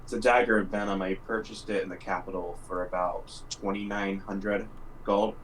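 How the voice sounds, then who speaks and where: Player, man, very low voice, hesitant with fillers. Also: level tone, moderate pace, recorded from a distance, slight background noise, poor audio. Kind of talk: casual tabletop play.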